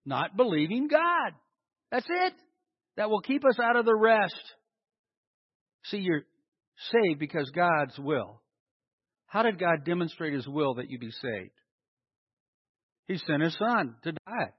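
A man's voice: sits high, sing-song, a little slow, pauses often, slightly rough. A man preaching a sermon, emphatic, asking rhetorical questions and answering them himself. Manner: emphatic, stressing single words. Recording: echoey hall, dull lo-fi sound.

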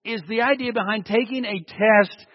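Animated high-voiced preacher in a reverberant hall. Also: male voice, moderate pace. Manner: animated, full of rhetorical questions. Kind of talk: sermon. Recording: dull lo-fi with long hall reverb.

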